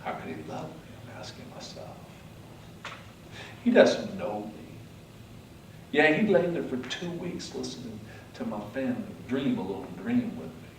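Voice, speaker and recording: A man giving a motivational speech, telling his story dramatically, swinging from hushed to loud. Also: mid-range voice, lively intonation, normal speed, recorded from a distance, slight background noise. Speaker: motivational speaker. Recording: echoey hall, mic from afar.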